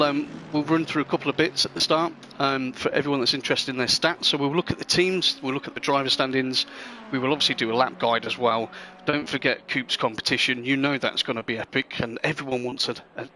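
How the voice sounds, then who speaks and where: Man, sim racing stream host, rambling friendly chat, bright tense voice. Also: medium pitch, slight background noise. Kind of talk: live stream commentary chat.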